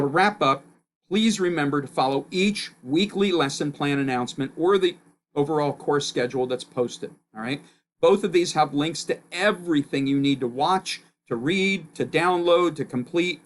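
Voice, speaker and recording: A man teaching a recorded physics course in a loud, emphatic explaining voice, his pitch jumping up on key points. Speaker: physics instructor.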